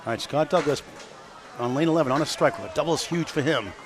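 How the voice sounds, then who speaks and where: A man calling bowling play by play, brisk, reeling off scores and pin counts. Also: on the high side, expressive, background noise. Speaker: commentator. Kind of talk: live play-by-play commentary.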